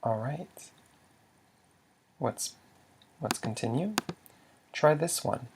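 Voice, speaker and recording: A man's voice: mid-range voice, lively intonation, very slow, background noise. A man teaching a language lesson, patiently quizzing the listener and sounding out example words. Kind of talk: slow instructional explanation.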